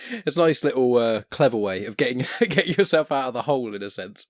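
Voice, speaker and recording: A man's voice: medium pitch, lively intonation, fast, no echo. Host guy, friendly and chatty, laughs a lot, dry close sound. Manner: friendly, enthusiastic, laughs often. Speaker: podcast host. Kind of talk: casual podcast chat.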